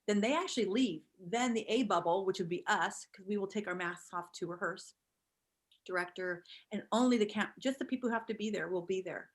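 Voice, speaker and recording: Animated middle-aged actress telling stories. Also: female voice, medium pitch, brisk. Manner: animated storyteller, acts out quotes. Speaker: guest actor. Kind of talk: casual interview chat.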